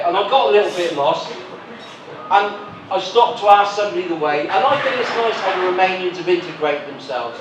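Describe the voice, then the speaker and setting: A man's voice: high-pitched, expressive, moderate pace. A male comedy club host doing teasing crowd work at a live venue, with flu. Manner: cheeky, teasing banter with the audience. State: has flu. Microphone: stage microphone. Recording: echoey venue from far off, noisy.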